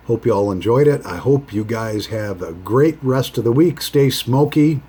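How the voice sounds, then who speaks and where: A man hosting a pipe-smoking vlog, chatting casually in a rambling, halting way with many fillers. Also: medium pitch, expressive, warm tone, slightly rough. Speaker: pipe-smoking channel host.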